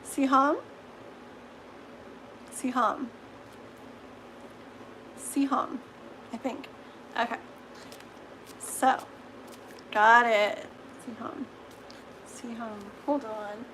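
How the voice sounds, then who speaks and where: A woman's voice: a little high, steady tone, extremely slow, long pauses, fairly bright tone, a little hiss or hum, rough recording. A middle-aged woman hosting a live tarot reading, chatting casually and gushing, laughing often. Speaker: tarot reader hosting a livestream. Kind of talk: casual livestream chat.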